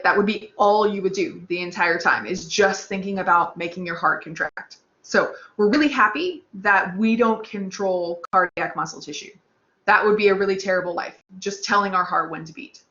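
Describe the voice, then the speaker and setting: An upbeat woman teaches an online anatomy lab and talks directly to her students. Her voice is bright and forward. It is recorded in an echoey room with a somewhat dull sound. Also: medium pitch. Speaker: anatomy instructor. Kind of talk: live online lab lesson. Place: online class with text chat.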